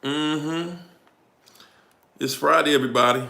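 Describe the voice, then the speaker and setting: A man's voice: on the high side, steady tone, a little slow, creaky, pushed and bright. A man with a Washington DC accent hosting a casual livestream, greeting viewers by where they tune in from and drawing out his hype. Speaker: livestream host. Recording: roomy echo with music behind. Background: music playing.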